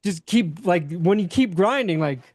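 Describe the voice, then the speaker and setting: A man's voice: high-pitched, lively intonation, moderate pace, a little mellow, no room sound. Candid young man, dry close sound. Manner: rambling, candid, swears casually. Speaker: podcast guest, sports YouTuber. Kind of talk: casual podcast chat.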